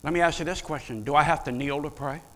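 A male pastor delivering a sermon in an animated, conversational way, asking the congregation questions. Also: on the high side, quick pace. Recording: long reverb of a large hall.

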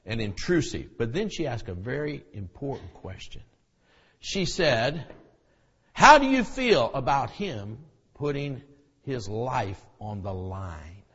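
A middle-aged male preacher giving a sermon, swinging between hushed near-whispers and loud shouted preaching. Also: on the low side, husky. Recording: dull lo-fi recording with long hall reverb.

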